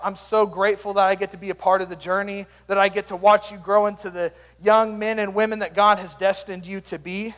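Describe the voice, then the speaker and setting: A young man speaking as a youth pastor, giving an energetic, joking sermon full of stories. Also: sits high, big-room sound. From Sand Springs area, US.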